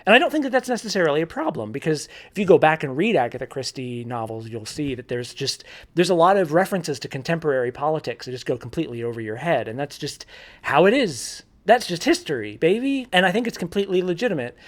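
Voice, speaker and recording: A man's voice: fairly high pitch, sing-song, fast talker. A man giving a casual spoken film review, informal and candid, thinking aloud with frequent restarts and repeated words.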